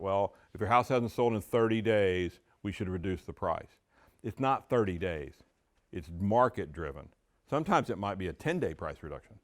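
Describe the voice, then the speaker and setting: Man, middle-aged, real estate trainer, animated, acts out dialogue. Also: lowish voice. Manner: animated storytelling, acting out dialogue. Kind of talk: training talk to agents.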